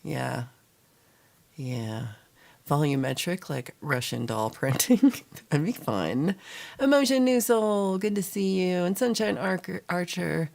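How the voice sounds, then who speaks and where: A woman's voice: sits low, animated, slow, vocal fry, darkish tone. A woman hosting a casual livestream chat, rambling and reading viewer comments aloud, a little tired and sluggish. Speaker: livestream host.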